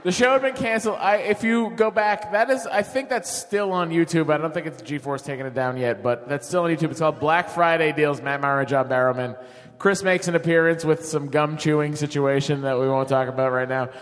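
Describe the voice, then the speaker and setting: A man on a live podcast stage, telling jokey, energetic stories about his old TV show. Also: fairly high pitch, fairly quick. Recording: reverberant theater.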